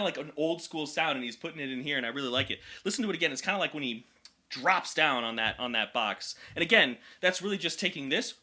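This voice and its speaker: Bright, lively-voiced male vocal coach. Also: fairly high pitch, fast talker. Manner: chatty, filler-heavy, excitable. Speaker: vocal coach reacting to a song. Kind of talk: casual reaction commentary. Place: indoor room at home.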